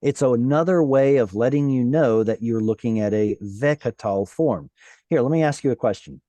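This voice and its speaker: A man's voice: mid-range voice, normal speed, warm tone, no echo. A man teaching a Hebrew class online, walking students through words and patiently asking them questions.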